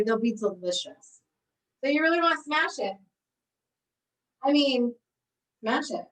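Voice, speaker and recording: A woman's voice: high-pitched, distant mic, low-quality recording. A woman leading a live online cooking class, bubbly and encouraging, laughing often as she talks her students through each step. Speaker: recreation therapy cooking instructor.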